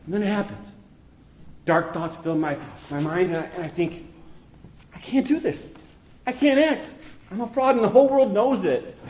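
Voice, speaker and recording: A man's voice: fairly high pitch, moderate pace, pauses often, reverberant, a little hiss or hum, close to an everyday voice. A man playing an insecure, self-doubting actor with a dramatic, neurotic manner in a community radio play. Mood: anxious. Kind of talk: amateur radio play acting.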